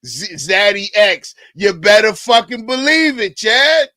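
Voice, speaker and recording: A man hosting a livestream, loud and excitable, often shouting as he talks to his chat. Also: sits high, unhurried, dry recording. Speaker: livestream host. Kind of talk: reacting to a clip for chat.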